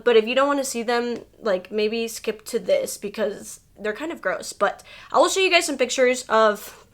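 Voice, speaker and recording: A woman in her thirties from Mexico, talking candidly in a personal vlog, full of "like" fillers and close to tears at times. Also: a little high. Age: 30s. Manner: chatty and candid, many "like" fillers; emotional, fighting back tears. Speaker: beauty vlogger.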